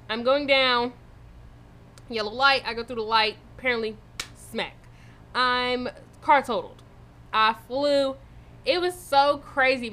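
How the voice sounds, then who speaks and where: A young woman co-hosting a podcast, telling a story in a casual way, animated and swearing freely. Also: fairly high pitch. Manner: animated, swearing, loud in retold moments. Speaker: podcast co-host.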